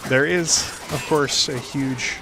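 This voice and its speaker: A man's voice: medium pitch, steady tone, slow, background noise. A man hosting a casual gameplay commentary, rambling with lots of fillers. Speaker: gaming video host.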